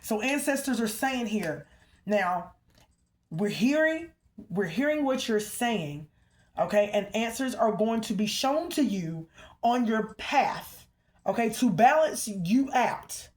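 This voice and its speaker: Speaking slowly and expressively, a woman gives a collective spiritual reading to the viewer, emphatic throughout, calling out to the ancestors mid-reading and repeatedly asking "okay?". Her voice is fairly high with a darkish tone.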